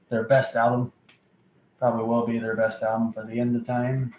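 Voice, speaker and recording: A man speaks in a flat, mid-range voice on a low-quality, roomy recording with slight background noise. Rambling casually in a vlog about his record collection, he halts, uses lots of fillers and talks to himself as he searches.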